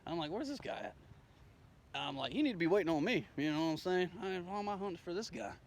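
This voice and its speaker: A man's voice: on the high side, fast. A man telling a rambling, profane story in a casual way, acting out the dialogue as he goes. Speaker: storyteller recounting his day.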